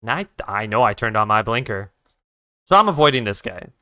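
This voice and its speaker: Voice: mid-range voice, big pitch swings, fairly quick, bright, forceful tone, smooth, no echo, clean studio sound. An art streamer telling a road-trip story while drawing, ranting with lots of swearing and quoting other drivers. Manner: profane, ranting, retells the conversation in others' voices; restarts sentences while redrawing.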